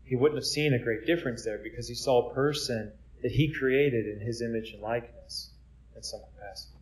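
Friar guy preaching casually, mid-pitched voice, lots of rhetorical questions, repeats himself. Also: a little fast, slight background noise. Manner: conversational, asks many rhetorical questions; repeats words as he restarts. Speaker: Catholic friar. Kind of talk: informal preaching talk.

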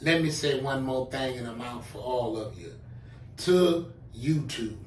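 A man's voice: mid-range voice, expressive, a little slow, slight background noise. A man hosting his own channel, making an emphatic, preachy appeal and hammering his points again and again. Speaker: channel host. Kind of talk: direct-to-camera commentary. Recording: roomy, mic at a distance.

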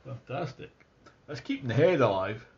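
A Scottish man chats his way through a beer tasting, enthusiastic and thinking aloud with plenty of restarts. His voice sits mid-pitch. The recording sounds a little dull and muffled. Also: very animated, moderate pace, vocal fry, a little mellow. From Scotland. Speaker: beer reviewer. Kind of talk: casual tasting review.

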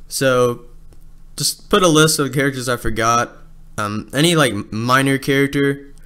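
A man talks through a casting call in a loose, rambling way, often stopping and restarting his sentences. His voice is smooth and clear, sitting at an ordinary pitch for a man. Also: a little slow, bright, forceful tone. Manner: rambling, many fillers and restarts. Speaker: abridged series creator.

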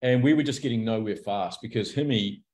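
A man's voice: lowish voice, fairly quick, very noisy. A man, a guest in a candid interview, speaking openly and acting out the people in his stories. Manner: animated storyteller, acts out quoted characters.

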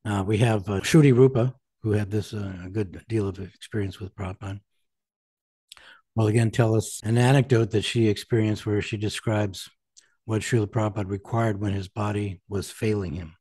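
A man hosting a podcast, who introduces clips and explains them in a measured way. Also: lowish voice, fairly even intonation, warm tone, slightly rough, dry recording. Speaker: host. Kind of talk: podcast interview.

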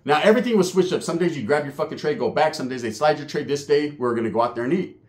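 A man's voice: on the high side, lively intonation, quick pace. A man telling a prison story in casual, profane, slang-heavy street talk.

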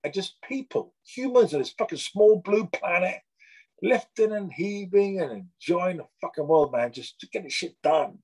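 A middle-aged man from England, chatting as a guest in a lively, animated way, swearing freely and acting out gym conversations. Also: high voice, normal speed, low-quality recording. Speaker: guest artist. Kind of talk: casual chat.

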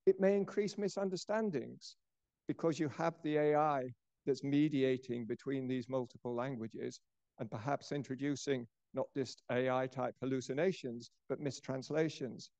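An older man giving a lecture as a professor, explaining in a measured way and dropping softer at the ends of phrases. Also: medium pitch, no room sound, lo-fi sound. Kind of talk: lecture presentation.

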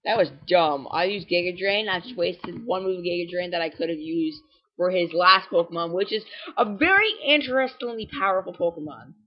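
A young man giving casual, rambling gameplay commentary, full of fillers and self-corrections, quick to get excitable, and prone to sudden voice cracks. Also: high-pitched, dull audio. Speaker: game walkthrough commentator.

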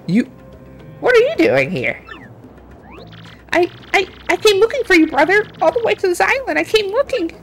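Brief: woman playing a high, stammering anxious young man. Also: big pitch swings, normal speed, long pauses, soft background music, full character voice.

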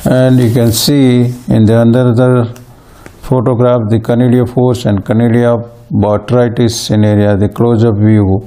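Guy lecturing slow, lots of uhs, warm low-key voice. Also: level tone. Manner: slow and halting, with frequent fillers and restarts. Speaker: plant pathology lecturer. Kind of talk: recorded university lecture.

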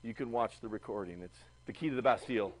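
A man teaching a history class, chatty and animated, asking the class questions. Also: on the low side, fast talker. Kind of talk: classroom lecture.

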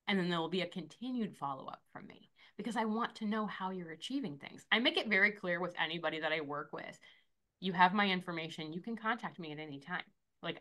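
A woman in her forties, an esthetician and motivational coach, talking in a bubbly, animated way as an interview guest and acting out the voices she quotes. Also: fairly low pitch. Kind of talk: energetic interview talk.

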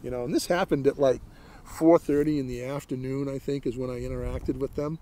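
A man's voice: medium pitch, steady tone, a little fast, warm tone. A middle-aged man from Maine casually telling the story of his encounter in an interview, in a plain-spoken way that keeps repeating "he goes" and "I said.". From Maine, United States. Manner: plain-spoken, retells exchanges with lots of "he goes" and "I said". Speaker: interviewee recounting a police encounter.

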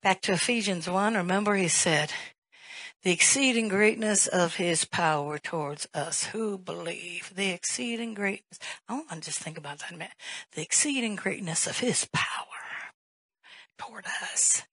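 A woman's voice: fairly low pitch, moderate pace, a bit bright, husky, no room sound, poor audio. A woman pastor preaching a sermon in an emphatic way, firing rhetorical questions and rising to a raised voice.

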